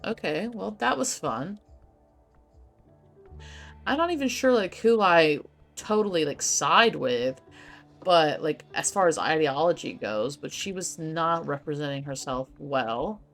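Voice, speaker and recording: A woman's voice: sits low, lively intonation, unhurried, a bit bright, soft background music. A woman streaming a role-playing game, reading its dialogue aloud and reacting casually with swearing and laughter. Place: home streaming setup.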